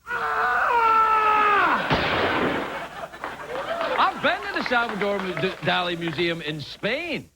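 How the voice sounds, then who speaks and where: A man's voice: sits high, normal speed, few pauses, heavy background noise. A man hosting a late-night talk show, delivering a jokey stand-up monologue from a studio stage. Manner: animated, jokey, breaks into silly put-on voices. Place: TV studio stage with live audience.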